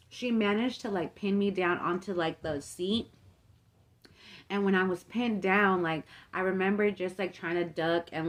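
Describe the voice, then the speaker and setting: A young woman vlogger telling a long story in a casual, chatty way, swearing freely and peppering it with fillers. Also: mid-range voice. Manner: chatty, profane, filler-heavy retelling.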